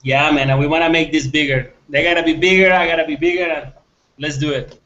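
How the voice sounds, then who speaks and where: A man's voice: a little high, fairly even intonation, fast talker, pushed and bright. A man joining a live online Q&A as a guest, talking earnestly and repeating short agreements. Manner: earnest, repeats 'yeah' and 'very good'. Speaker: guest caller. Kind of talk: casual chat. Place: online video hangout. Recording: dull lo-fi video call audio.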